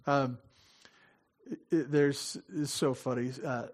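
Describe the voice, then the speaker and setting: Taking it slowly, this pastor speaks in a medium-pitched, slightly mellow voice with fairly even intonation. His sermon is conversational, full of self-interruptions, frequent laughter, acted-out exchanges and direct questions to listeners.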